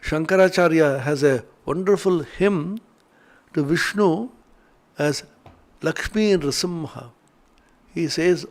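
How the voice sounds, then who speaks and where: An older monk gives an earnest, emotional spiritual lecture and chants verses between his explanations. His voice sits high and has a gravelly edge. He speaks slowly and deliberately. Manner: slow, earnest, emotional storytelling.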